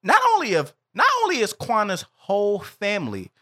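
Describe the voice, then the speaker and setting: A young man co-hosting a casual podcast, telling stories in a loose, profane, animated way and often laughing. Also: sits high, moderate pace. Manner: animated storyteller, swears freely, breaks into laughter. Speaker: podcast co-host.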